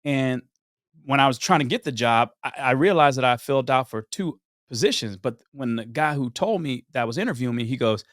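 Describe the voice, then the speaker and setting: A man in his thirties, a podcast guest, tells his story in conversation, animated and acting out the people in it. His medium-pitched voice moves a little fast. The sound is studio quality with no echo.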